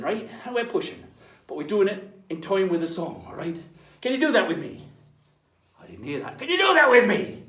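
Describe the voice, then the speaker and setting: A man's voice: medium pitch, fairly bright tone, reverberant, recorded from a distance. A man, playing a pirate captain who teaches children in a playful online lesson, chatty and hearty, checking in with "right?" after each point.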